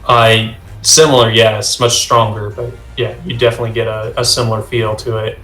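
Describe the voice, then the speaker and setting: A man narrating a tabletop game as game master over a video call, pausing often with fillers. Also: on the low side, little pitch movement, pushed and bright. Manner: halting, many uh fillers. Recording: roomy sound with faint music.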